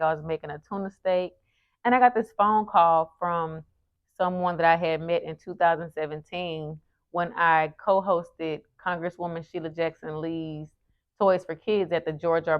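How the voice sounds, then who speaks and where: An earnest woman who vlogs about lifestyle and hosts events talks casually to the camera, telling stories animatedly with frequent restarts. Her voice is lowish with a clean tone, though the lo-fi audio sounds muffled.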